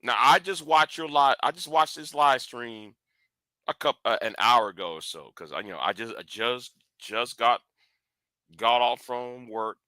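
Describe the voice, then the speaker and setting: Man, slow deliberate talk, bright forceful tone, blunt live stream commentary, dry close mic. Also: mid-range voice, no echo. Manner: blunt, confrontational, with restarts and repeated words.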